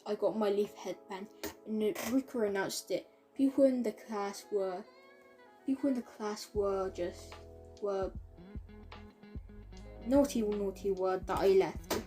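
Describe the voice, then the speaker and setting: A woman's voice: medium pitch, mellow. A woman reading a fan-made story aloud in a casual way, stumbling over words and correcting herself. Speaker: reader of fan fiction.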